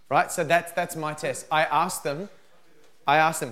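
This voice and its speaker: A man's voice: on the high side, unhurried. A man giving a parenting seminar to a live audience, acting out what parents and children say. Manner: animated, acts out parent and child lines. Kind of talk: seminar talk with acted examples.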